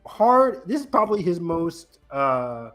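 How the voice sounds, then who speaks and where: Male podcast co-host, mid-pitched, casual and eager, meandering through his thoughts. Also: moderate pace, soft background music. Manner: rambling, enthusiastic, loose with fillers. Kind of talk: casual chat.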